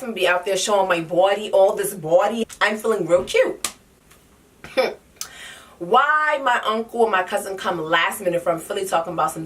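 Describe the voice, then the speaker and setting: Young woman vlogger, dramatic and sassy storyteller, slightly low voice recorded a bit away from the mic. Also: fairly bright tone, far from the mic. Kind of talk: casual storytime vlog.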